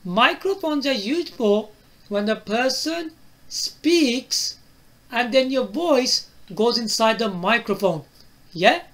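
A man's voice: extremely high pitch, animated, slow, fairly bright tone. A man reviewing a phone to camera, asking the viewer questions and tagging his lines with "right?" and "yeah?". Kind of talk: product demo to camera.

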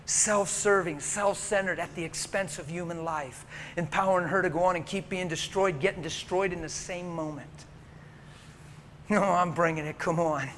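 A man preaching a sermon as he tells a story, dropping to a hush and rising to a shout. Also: sits high, fairly even intonation, moderate pace, a little hiss or hum.

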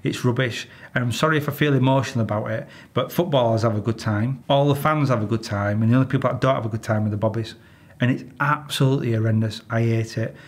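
A man's voice: mid-range voice, quick pace. A man with a Yorkshire accent, a retired police officer telling stories in an interview, blunt and exasperated, swearing freely. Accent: Yorkshire English. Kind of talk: candid interview storytelling.

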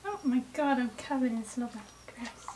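A woman's voice: fairly high pitch, moderate pace. A woman in a casual how-to vlog, chatting to the viewer while giving her dog short commands and cheerful praise. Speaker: dog trainer. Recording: distant mic with clear background noise.

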